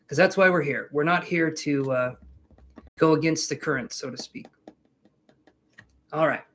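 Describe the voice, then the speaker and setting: A man's voice: fairly high pitch, a little slow, fairly bright tone. A man giving tarot readings on a live stream, chatting casually with viewers in a jokey, reassuring way. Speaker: tarot reader.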